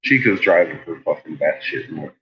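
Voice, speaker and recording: Rumbling low yet bright and forceful, the man's voice is expressive and moves at a normal pace. He's a vlogger at home, talking casually with plenty of swearing and laughter while speaking to his barking dogs. The dull lo-fi home recording carries faint noise.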